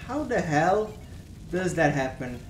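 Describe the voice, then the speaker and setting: A man's voice: a little high, big pitch swings, slow pace. A man playing a racing game on a livestream, grumbling and exasperated at the game. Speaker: player, co-streamer. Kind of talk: casual gaming livestream chat. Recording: echoey room with game music. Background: game music.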